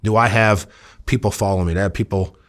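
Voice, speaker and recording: A man's voice: on the low side, fast talker. A middle-aged man from Iowa, a former undercover officer, telling a story in an interview and acting out the voices of the people in it. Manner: animated, acts out quoted voices.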